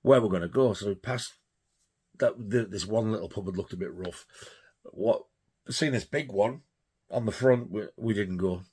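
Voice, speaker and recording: A man's voice: on the low side, normal speed, darkish tone, slightly rough. A man telling a rambling, laughing anecdote on his vlog, swearing freely. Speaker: vlogger.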